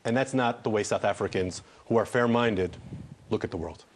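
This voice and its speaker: An Israeli ambassador answers questions in a TV news interview, speaking earnestly at a moderate pace in a fairly low male voice. He repeats words when pressing a point.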